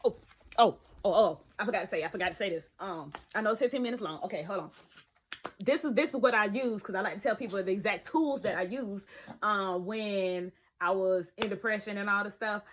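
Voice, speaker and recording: A young woman, vlogging from her bed in an emphatic, preachy way that swings from loud to hushed. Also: mid-range voice, a little fast, slight background noise. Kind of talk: casual talk to camera. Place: bedroom, sitting in bed.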